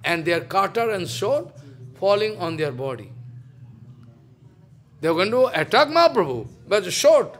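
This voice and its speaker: Animated high-voiced preacher. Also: male voice, moderate pace, long pauses, slight background noise. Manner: animated, dramatic retelling in broken English. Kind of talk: sermon storytelling.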